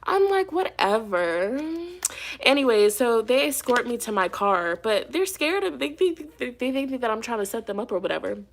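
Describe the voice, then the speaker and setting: A woman's voice: on the high side, very animated, fairly quick, creaky, hardly any pauses, slight background noise. A woman hosting her tarot channel, telling a personal story to camera in a casual, emphatic way and swearing freely. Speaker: tarot reader and channel host.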